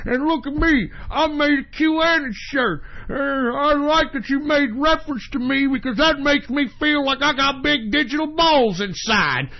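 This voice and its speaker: A man's voice: very high-pitched, a little slow, hardly any pauses. A man putting on a simpering, fawning voice to mock a male online cartoonist, on a dull lo-fi recording. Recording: dull lo-fi sound.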